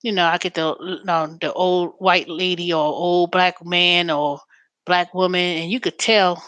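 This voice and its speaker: A woman's voice: on the low side, unhurried, no room sound. Chatty woman host, dry close sound. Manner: chatty and storytelling, animated when quoting callers. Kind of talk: casual chat.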